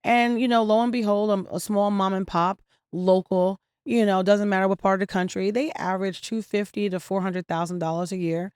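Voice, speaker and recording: A woman who founded a restaurant tells her story in an interview, in a clear, smooth voice recorded close and dry. She is animated, acts out the people she quotes and fills pauses with "um". She talks at a middle pitch. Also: no echo. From New York and New Jersey area. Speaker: restaurant owner and founder, guest.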